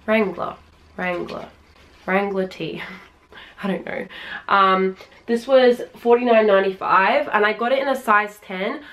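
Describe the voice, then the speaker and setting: A woman's voice: medium pitch, unhurried, fairly bright tone. A young Australian woman in her early twenties, chatting through a try-on haul from home. She gushes easily and fills her sentences with "like" and "um", her voice sitting in a middle register. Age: early 20s. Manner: chatty and gushing, many fillers. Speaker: fashion vlogger.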